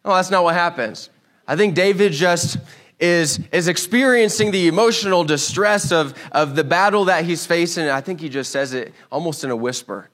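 A man preaching a sermon, telling a Bible story with lively acted-out voices. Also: fairly high pitch, moderate pace. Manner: animated storytelling, acts out voices. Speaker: pastor.

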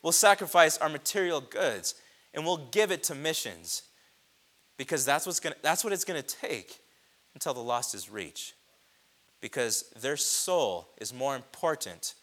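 A man delivers an evening sermon with rising fervor, his voice climbing and falling in wide, lively swings. His tone is bright and a little high for a man, and he pushes hardest on repeated lines. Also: a little slow. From grew up on a reservation. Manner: impassioned, swells loud on repeated phrases. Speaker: preacher.

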